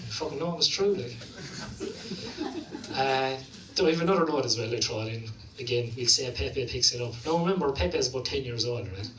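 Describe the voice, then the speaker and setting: On a comedy club stage, an Irish man with a Limerick accent rambles through profane stand-up stories packed with "like" and "you know." His mid-range voice moves at normal speed, picked up from far off in a roomy, noisy space.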